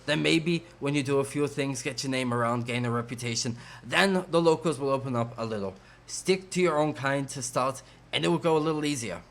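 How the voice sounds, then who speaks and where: A man's voice: mid-range voice, fairly quick, fairly bright tone, close to an everyday voice. Man voicing a worldly battle mage. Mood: advising. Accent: put-on accent. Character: worldly male battle mage, advising newcomers.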